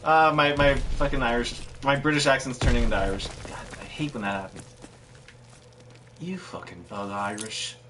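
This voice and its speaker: A man's voice: mid-range voice, brisk, few pauses, noisy background. Rambling thirtysomething man streaming games. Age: 30s. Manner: rambling, self-mocking, laughs often. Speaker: game streamer. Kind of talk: casual chat while gaming.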